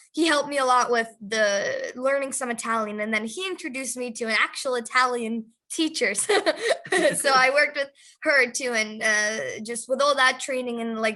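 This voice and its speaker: A young woman with a bright, high voice answers interview questions. She gushes with enthusiasm and giggles often. She keeps the easy tone of a press junket chat. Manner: bubbly and giggly, gushing with enthusiasm. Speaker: actress interviewee.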